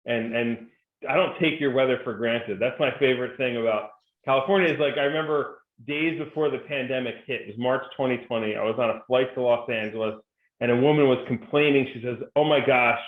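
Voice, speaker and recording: A man's voice: mid-range voice, steady tone, fairly quick. A man from New Jersey, a guest speaker telling jokes and stories in a chatty, upbeat interview. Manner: joking storyteller, upbeat and chatty. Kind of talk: conversational interview. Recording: tinny phone-like video call audio, roomy.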